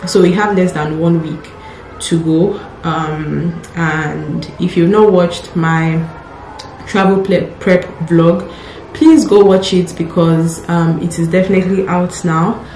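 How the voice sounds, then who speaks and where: Young female doctor vlogger, chatty and nervous, low-ish voice, echoey phone audio. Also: fairly even intonation, slow, darkish tone, a little hiss or hum. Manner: chatty and nervous, repeats herself. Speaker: doctor vlogging exam prep. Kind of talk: casual vlog talk to camera.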